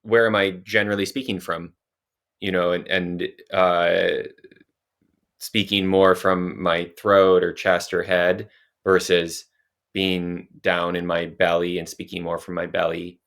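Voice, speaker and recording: A man co-hosting a podcast, reflecting calmly and unhurriedly on his own practice. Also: deep voice, unhurried. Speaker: podcast co-host. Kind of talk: podcast conversation.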